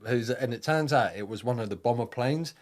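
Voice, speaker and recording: A man's voice: mid-range voice, fairly quick. A man in his thirties, a podcast guest and army veteran, telling a rambling, vivid war story with plenty of swearing. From United Kingdom. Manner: acts out quotes in a raised voice.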